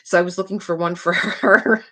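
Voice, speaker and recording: A woman's voice: lowish voice, fairly even intonation, a little fast, fairly bright tone. A middle-aged woman hosting a casual live stream, chatty and rambling, laughing often between stories and peppering her talk with "like". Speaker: livestream host. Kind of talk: casual chat to a live chat audience.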